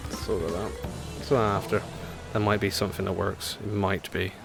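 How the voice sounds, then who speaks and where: A man's voice: sits low, level tone, normal speed, vocal fry. Chatty man streaming a kart racer. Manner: chatty, self-deprecating, laughs often, reads chat aloud. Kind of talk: casual gameplay commentary. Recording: game music behind the voice.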